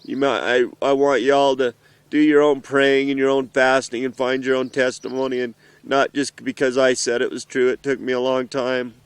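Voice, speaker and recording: Emotional middle-aged man, smooth voice. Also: medium pitch, level tone, no room sound. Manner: earnest, halting, with pauses and restarts. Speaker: father. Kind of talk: heartfelt personal message to his children. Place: outdoors in the mountains.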